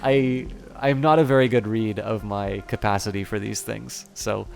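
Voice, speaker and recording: A man's voice: on the low side, fairly even intonation, moderate pace, creaky, a little mellow, soft background music. A man, chatting to his stream viewers and reading a game aloud, rambling and apologetic with many restarts. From Canada.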